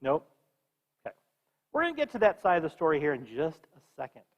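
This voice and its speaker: Man, higher voice, teaching a class in a church hall with long reverb. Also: huge pitch swings, a little fast. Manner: conversational, quizzes the students.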